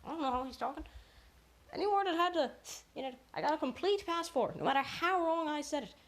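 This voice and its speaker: A woman's voice: expressive, fast talker. A woman rambling through a jokey mock stand-up monologue, correcting herself as she goes. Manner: rambling, self-correcting, jokey, pitch swinging up and down. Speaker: solo comedic rambler.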